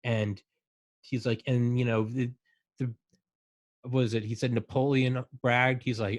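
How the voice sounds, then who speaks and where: A man in casual chat, talking excitedly and rambling with lots of fillers. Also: mid-range voice, a little slow, long pauses, no room sound.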